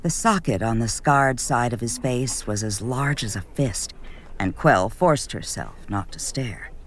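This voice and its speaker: A man reading a novel aloud in measured scripted narration, lifting his voice for quoted characters. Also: mid-range voice, expressive, slight background noise. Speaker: audiobook narrator.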